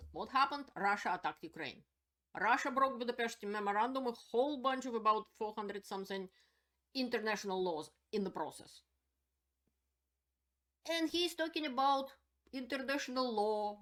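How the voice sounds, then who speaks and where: A woman's voice: on the high side, fairly bright tone. Indignant woman with a raised voice. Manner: indignant and emphatic, repeats points. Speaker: channel host commenting on politics. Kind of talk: spoken political commentary.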